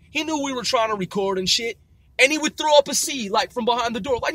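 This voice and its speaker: A man from Seattle telling profane, rambling stories in a casual, animated way. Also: very high-pitched, fast talker. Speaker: podcast host. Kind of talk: casual storytelling.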